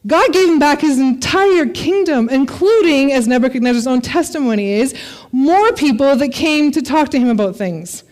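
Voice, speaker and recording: Female preacher, high voice, expressive scripture reading, parent. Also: normal speed. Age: adult parent. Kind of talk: sermon.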